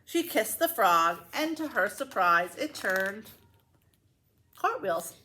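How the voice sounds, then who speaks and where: A woman librarian reading a children's picture book aloud, expressive and playful, with asides to young listeners. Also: mid-range voice, takes it slowly, slight background noise. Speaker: school librarian.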